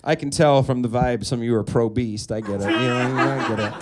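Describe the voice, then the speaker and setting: A young man doing a stand-up comedy set on a club stage, animated and quick to slip into put-on voices. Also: over music. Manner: animated, jumps into high put-on voices for characters. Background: audience laughter.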